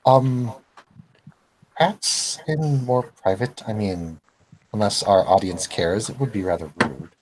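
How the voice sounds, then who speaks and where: Picture a prim young woman, flustered and hesitant, murmuring a gentle objection in a tabletop game, as a man puts her on. The voice is low for her. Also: a little slow, slight background noise, lightly acted, low-quality recording. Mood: demure.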